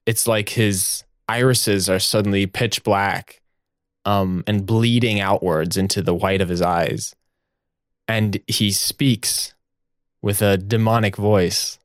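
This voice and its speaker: A man narrating a tabletop role-playing game as game master, animated and full of fillers. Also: on the low side, slow pace, dry recording, clean studio sound.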